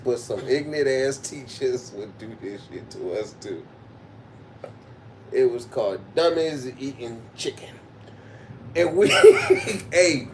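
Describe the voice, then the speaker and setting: A man telling profane school stories on a livestream, swearing freely and breaking into loud laughter. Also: medium pitch. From Baltimore, Maryland. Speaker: livestream host. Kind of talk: profane storytelling monologue. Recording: distant mic with background noise.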